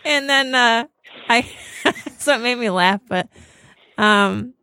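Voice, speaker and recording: A woman's voice: on the high side, slow pace, pushed and bright, no echo. Podcast co-host, female, giggly gossip storyteller, dry close mic. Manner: giggly storyteller, acts out quotes. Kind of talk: casual chat.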